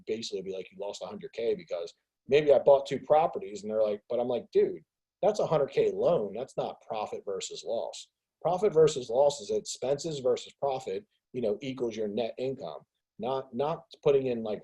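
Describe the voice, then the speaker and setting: Man ranting on a group call, husky dark voice. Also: on the low side, a little fast, low-quality recording. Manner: animated ranting, acts out others' voices. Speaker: host of a business mastermind call. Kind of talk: casual group call monologue.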